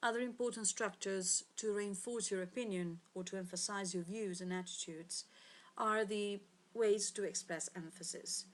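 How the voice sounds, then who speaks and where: A woman, an English teacher giving a recorded grammar lesson, pausing often and correcting herself as she explains. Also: medium pitch, steady tone. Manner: hesitant, frequent fillers and self-corrections.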